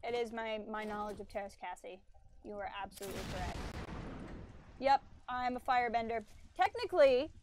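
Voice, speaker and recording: A woman's voice: on the high side, brisk, noisy background. Chatty woman streamer narrating gameplay. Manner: chatty, explains game mechanics, teases enemies. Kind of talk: casual gameplay commentary.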